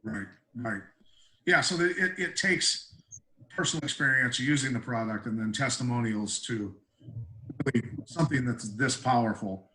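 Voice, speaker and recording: A man's voice: medium pitch, normal speed, pushed and bright, reverberant. A man hosting a casual video call, affirming and conversational. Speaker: host. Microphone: video call microphone.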